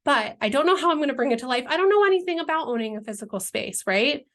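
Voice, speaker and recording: This woman talks fast in a high, fairly bright voice with lively intonation. She's an entrepreneur pitching her business dream in a heartfelt, rambling vlog, groping for words and nearly crying at moments.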